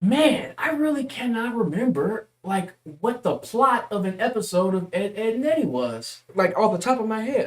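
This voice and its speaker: A young man streaming, chatting casually, rambling, swearing freely and drifting between loud bursts and mutters. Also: high-pitched, big pitch swings, moderate pace, hardly any pauses. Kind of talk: casual livestream chat.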